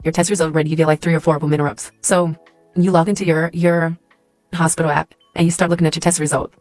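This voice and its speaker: Narrating a storytime in the second person, this woman talks quickly, swears, and performs the quoted lines. She has a lowish voice, and the recording has no room sound.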